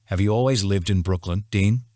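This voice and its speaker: A man's voice: on the low side, normal speed, a little mellow, dry recording, studio quality, lightly acted. A man voicing a stern middle-aged father interrogating his daughter's boyfriend in a romance audiobook.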